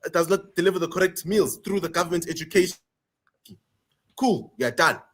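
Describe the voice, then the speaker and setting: A man from South Africa holds forth on a political panel, pressing each point with emphatic repetition. His voice sits fairly high for a man, and he sounds like he is talking over a video call. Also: a little fast. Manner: emphatic, repeats points for stress. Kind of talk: passionate political commentary.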